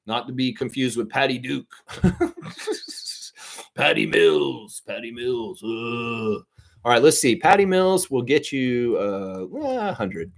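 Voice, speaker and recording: A man's voice: medium pitch, animated, unhurried. A man hosting a casual live stream, chatting loosely and reading viewer comments aloud. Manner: chatty, reads chat aloud, sings snatches of songs.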